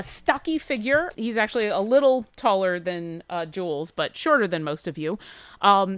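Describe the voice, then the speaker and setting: An easygoing woman runs a tabletop game, describing the scene in a relaxed, meandering way. Her voice sits at an ordinary pitch and sounds dry and close to the mic. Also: clear, resonant tone, no room sound. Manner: easygoing, with many fillers. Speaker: game master.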